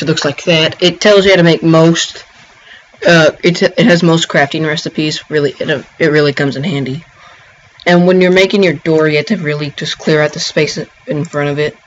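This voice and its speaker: A man giving a casual gameplay tutorial, rambling and halting, with frequent ums and restarts. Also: on the high side, a little hiss or hum. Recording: dull lo-fi home recording.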